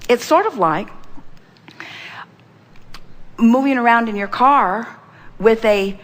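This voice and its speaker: A woman's voice: a little high, a little slow. Emphatic woman giving an inspirational talk. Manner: emphatic, chanting repetitions; speaks as a collective "we". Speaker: spiritual teacher speaking to a seminar audience.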